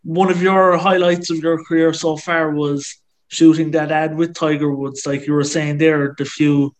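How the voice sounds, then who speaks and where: A man with a Kerry accent hosting an interview, asking easygoing, halting questions. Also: fairly high pitch, little pitch movement. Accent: Irish, Kerry. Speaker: podcast host. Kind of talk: casual interview.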